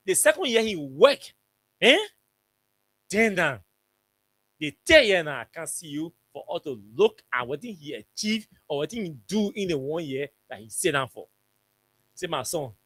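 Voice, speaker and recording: A man with a Liberian English accent, speaking in a high register. He hosts a radio talk show and tells his stories in an emphatic, colloquial way, hammering each point by repeating it, and his voice sounds close and dry in a studio. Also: a bit bright, dry recording. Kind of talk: casual storytelling commentary.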